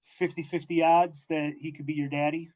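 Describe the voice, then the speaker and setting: A man's voice: fairly high pitch, level tone, normal speed, a little mellow, highs cut off. A man hosting a podcast, chatting casually in a joking, mock-incredulous way. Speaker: podcast host. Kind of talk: casual chat.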